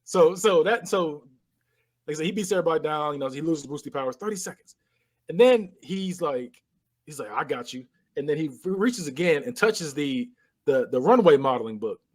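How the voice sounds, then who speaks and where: Husky man recapping a movie, animated. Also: fairly high pitch, a little fast. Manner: animated retelling, acting out scenes with sound effects and laughter. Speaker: podcast co-host. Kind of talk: casual movie recap chat.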